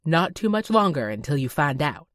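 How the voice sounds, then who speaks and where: A woman's voice: deep voice, sing-song, moderate pace, no room sound, clean studio sound. A woman voicing an easygoing young male contractor. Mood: warm, teasing. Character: charming young male Texan contractor, gentle. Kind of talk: audiobook narration. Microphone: close studio mic.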